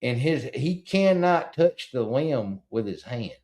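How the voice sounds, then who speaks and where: A man's voice: mid-range voice, big pitch swings, slow, a little mellow. Man, casual storytelling, folksy, profane, stammering restarts. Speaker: podcast host.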